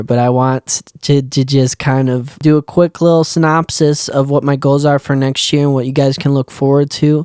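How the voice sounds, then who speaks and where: Casual smooth-voiced young man vlogging. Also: mid-range voice, no room sound, studio quality. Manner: relaxed, rambling, many likes and restarts. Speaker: musician and video creator. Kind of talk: casual year-end vlog to viewers.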